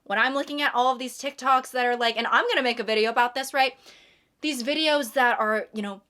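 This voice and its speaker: A woman's voice: fairly high pitch, fairly quick, bright, forceful tone. A young woman giving comedic commentary as a YouTuber, with a wry, sarcastic delivery and dramatic asides.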